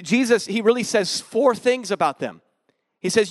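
A man delivers a sermon in a notably high voice, telling his own story with big emotional swings between loud, excited bursts and hushed moments. He talks casually, throwing in slang as he preaches. The sound is dry and close, with no room around it. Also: normal speed, no room sound. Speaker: pastor. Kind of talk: sermon with personal testimony.

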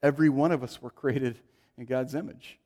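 A man's voice: medium pitch, normal speed. A middle-aged man preaching a sermon, telling stories and acting out the voices of the people in them. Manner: animated, acts out quoted voices in anecdotes. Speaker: pastor. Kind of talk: sermon with storytelling.

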